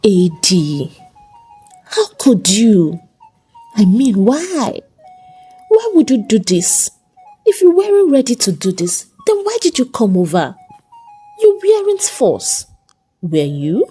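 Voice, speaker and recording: A woman voicing a bossy young woman who talks in a shrill, emphatic way, in a storybook reading. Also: big pitch swings, slow, darkish tone, breathy edge, faint music behind, exaggerated voice. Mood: scolding. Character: bossy young woman, scolding then pleading.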